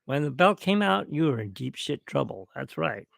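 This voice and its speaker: A man's voice: medium pitch, very animated, moderate pace, creaky, a bit bright, no room sound, studio quality. A middle-aged man hosting a solo podcast toast, rambling and reminiscing at his own pace. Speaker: podcast host. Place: at home, alone.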